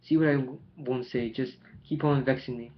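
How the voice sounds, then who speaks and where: A man voicing a bitter, sullen young male prisoner in an audiobook reading, with flat, mumbled taunts and a dull, lo-fi sound. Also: medium pitch, normal speed, lightly acted. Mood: taunting. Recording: dull lo-fi home recording with faint hiss.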